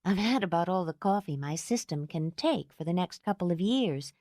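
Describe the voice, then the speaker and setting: Lady doing a worn-out young mom, lively voice, kind and reasonable. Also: fairly low pitch, normal speed, dry recording, studio quality, lightly acted. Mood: weary. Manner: tired, reasonable. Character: tired, kind young mother, weary and warm.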